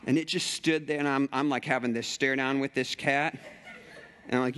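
A male pastor preaching a sermon, telling a personal story with animated energy and acting out the scenes. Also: mid-range voice, normal speed, slight background noise.

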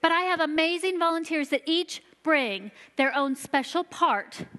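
High-voiced woman preaching in a reverberant hall. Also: animated, fairly bright tone. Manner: earnest storytelling, slowing for emphasis. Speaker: church children's ministry leader. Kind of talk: sermon. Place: church sanctuary. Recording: long reverb of a large hall.

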